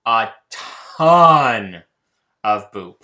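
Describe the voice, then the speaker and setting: A man's voice: medium pitch, expressive, very slow, sharp tone. A man co-hosting a casual board game haul, plainly explaining how each game plays. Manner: easygoing, explains rules plainly. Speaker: board game channel co-host.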